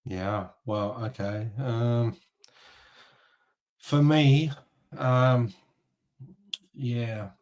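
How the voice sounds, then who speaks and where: A man's voice: mid-range voice, fairly even intonation, very slow, long pauses, a little mellow. A man co-hosting a casual album review chat, frank and a little hesitant. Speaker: co-host.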